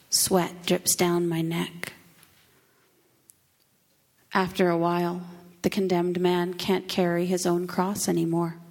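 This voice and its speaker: A woman performs a dramatic first-person Easter monologue, her delivery unhurried and solemn. Her voice sits on the lower side, and long reverb from a church hall trails each phrase. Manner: slow, solemn, emotive storytelling.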